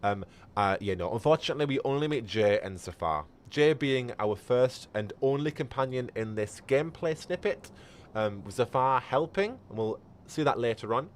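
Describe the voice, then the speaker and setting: A man's voice: mid-range voice, animated, moderate pace, a little hiss or hum. A man giving chatty live gameplay commentary and answering viewers as a streamer. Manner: chatty, reads chat aloud. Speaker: game streamer.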